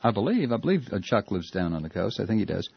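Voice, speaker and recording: A man hosts a talk radio show and reads listener mail aloud. His voice is low and husky, full of uh's and restarts. The sound is muffled and dry, like an old broadcast. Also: sing-song, quick pace, no echo. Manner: hesitant, many uh fillers and restarts. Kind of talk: casual radio talk, reading listener emails.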